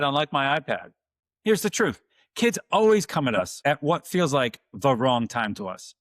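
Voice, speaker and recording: Calm, steady male podcast host. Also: fairly high pitch, no room sound, clean studio sound. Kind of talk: scripted podcast monologue.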